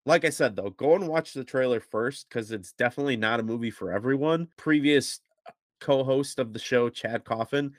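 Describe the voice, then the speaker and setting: A man's voice: medium pitch, moderate pace, no echo. Rambling male podcast co-host, dry sound. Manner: rambling, chuckles between phrases. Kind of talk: casual chat.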